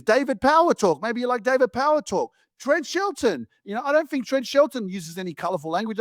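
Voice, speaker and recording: A blunt, emphatic man hosts a motivational podcast and swears freely. His voice sits high for a man. The sound is dry and close, with no room around it. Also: dry recording. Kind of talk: motivational monologue.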